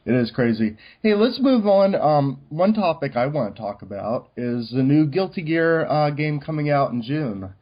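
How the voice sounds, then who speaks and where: A man's voice: fairly high pitch, expressive, normal speed, few pauses. A man co-hosting a podcast in casual chat, talking loosely with many fillers. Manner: chatty, many fillers like "um" and "you know". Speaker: podcast co-host. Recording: dull lo-fi recording.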